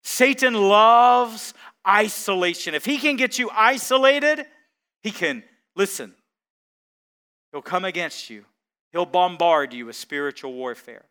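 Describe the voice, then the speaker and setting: A man's voice: sits high, sing-song, measured pace, sharp tone, clear, resonant tone. A man preaching a sermon as pastor, building to emphatic repeated phrases and chuckling between points.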